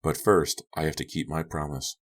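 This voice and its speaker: A man voicing a deranged, menacing teenage girl in an audiobook, quiet and taunting. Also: a bass voice, fairly even intonation, moderate pace. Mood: quietly taunting. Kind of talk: audiobook character voice.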